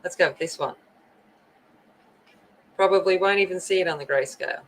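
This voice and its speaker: A woman's voice: lowish voice, normal speed, slight background noise, low-quality recording. A woman hosting a coloring livestream, chatting casually and greeting viewers by name. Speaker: livestream host. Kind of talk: casual chat while coloring.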